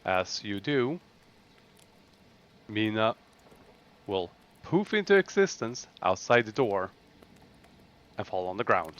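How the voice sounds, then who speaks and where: A man with a fairly low voice runs a tabletop game as dungeon master. He narrates scenes and hands out rulings in a calm, matter-of-fact way. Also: slow, long pauses, clean tone, highs cut off.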